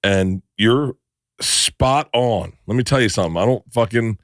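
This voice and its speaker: A man's voice: on the low side, measured pace, dry recording, studio quality. A middle-aged man co-hosting a casual podcast with his wife, rambling and repeating himself, swearing now and then. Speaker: co-host, husband.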